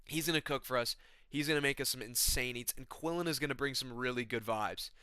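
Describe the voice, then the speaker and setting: A young man riffing through a casual, slangy comedic monologue in a laid-back ramble. His voice is bright and clear, recorded close and dry. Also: medium pitch, a little fast, no room sound. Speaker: vlogger.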